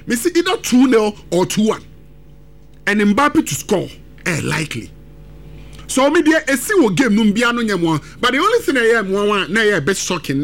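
On a radio talk show, a man offers emphatic football analysis, moving between Twi and English. His voice is high-pitched with a fairly bright tone. He speaks as a football pundit.

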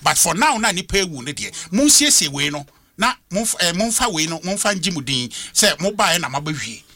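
A man's voice: sits high, a little fast, no echo. A middle-aged Ghanaian man hosting a radio talk show, speaking emphatically and switching between English and Twi. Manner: emphatic, lively, code-switching. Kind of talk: animated radio discussion mixing English and Twi.

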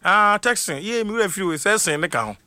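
A man hosting a casual livestream, reading out viewers' names in a lively mix of Twi and English and laughing often. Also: high voice, a little fast, no echo, studio quality. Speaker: livestream host. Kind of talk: casual live shout-outs.

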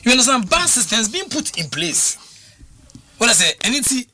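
A man's voice: very high voice, big pitch swings, moderate pace, bright, forceful tone, faint music behind. A man with a Ghanaian accent talking football on a radio sports show, emphatic and repetitive as he drives his points home. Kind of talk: sports talk radio discussion.

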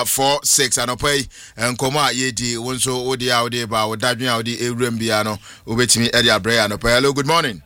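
A man with a Ghanaian accent hosting a radio sports talk show, lively and quick to laugh, reading out the call-in line in a studio. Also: medium pitch, no echo.

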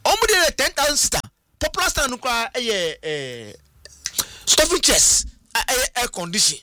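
A man's voice: very high voice, big pitch swings, normal speed, pushed and bright, a little hiss or hum. A man with a Ghanaian accent talking animatedly as a guest on a radio talk show, switching between Twi and English. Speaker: studio guest.

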